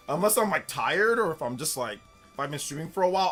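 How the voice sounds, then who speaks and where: A man's voice: on the high side, very animated, quick pace, a bit bright, faint music behind. A man from California hosting a casual live stream, chatting with viewers in an upbeat, elevated presentation voice and laughing often. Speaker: streamer hosting a live gaming news show.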